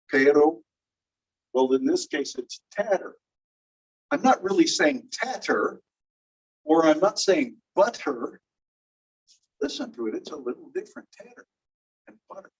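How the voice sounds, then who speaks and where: A middle-aged man gives a casual classroom lecture on speech sounds, voicing example words to demonstrate them. His voice is husky and a touch high. The recording is dull and lo-fi, picked up from some distance. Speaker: phonetics instructor.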